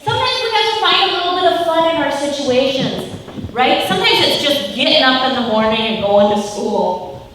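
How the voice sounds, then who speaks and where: A woman's voice: high-pitched, animated, moderate pace, fairly bright tone. A woman in her thirties, a mother speaking to schoolchildren in a school hall. She tells stories and keeps asking the children questions. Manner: interactive, asks the children many questions. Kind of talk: storytelling talk to schoolchildren. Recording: echoey hall from far off, faint noise.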